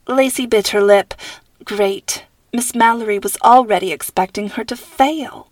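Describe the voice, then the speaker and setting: A woman hosting and narrating her own fiction, calm and measured. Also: medium pitch, no room sound, studio quality. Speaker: podcast host and author. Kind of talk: scripted storybook narration.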